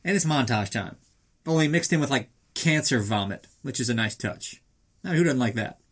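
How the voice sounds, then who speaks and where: A man's voice: medium pitch, animated, normal speed, slightly rough. A man casually recapping a film in a rambling, sarcastic way, swearing often.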